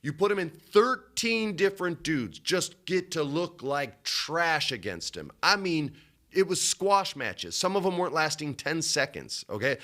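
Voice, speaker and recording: Animated man telling a wrestling story. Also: unhurried. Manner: animated storytelling, swings from loud to low. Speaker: podcast co-host. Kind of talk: casual chat.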